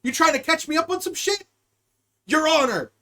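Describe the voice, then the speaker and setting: High-voiced joking male streamer. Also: quick pace, pushed and bright. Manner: rambling, joking, profane, riffing on word associations. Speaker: podcast host and streamer. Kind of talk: live-stream chat with viewers.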